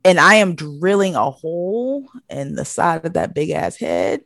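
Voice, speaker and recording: A woman's voice: on the low side, animated, a little slow, gravelly, fairly bright tone, no echo, clean studio sound. A woman in casual chat, telling a story with lots of energy, acting out the voices of the people in it and swearing freely.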